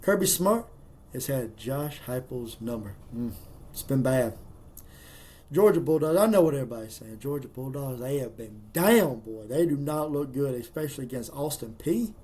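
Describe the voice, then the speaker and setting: A man giving casual, emphatic college football picks in a folksy, excitable way. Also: mid-range voice, moderate pace, slight background noise. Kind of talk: casual sports picks monologue.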